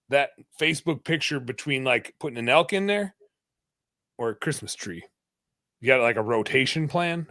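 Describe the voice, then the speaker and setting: A man hosts a podcast in loose, casual chat. He jokes, laughs easily and reads listener comments aloud. His voice is bright and forceful, recorded close and dry. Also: on the high side, no room sound. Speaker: podcast host.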